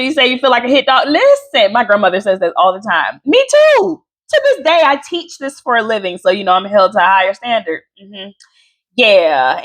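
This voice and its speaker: An animated woman coach leads a workshop. Her pitch sits on the high side and swings widely as she teaches, with chatty asides.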